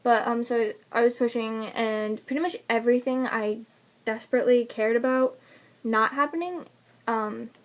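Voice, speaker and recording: Chatty young woman with a higher voice. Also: normal speed. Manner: chatty, laughs often, many fillers. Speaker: new mother telling her birth story. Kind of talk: casual personal vlog storytelling.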